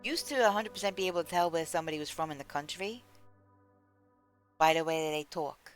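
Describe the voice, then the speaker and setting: A woman with a fairly low voice chats casually while she plays a game on a live stream. She rambles and answers her chat aloud, with faint music behind her. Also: a little fast. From United States.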